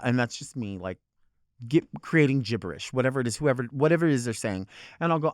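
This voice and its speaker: Brief: male talk host, sassy profane rant, bright swooping delivery, dry close sound. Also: medium pitch, lively intonation, fast, dry recording. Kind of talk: unscripted comic rant.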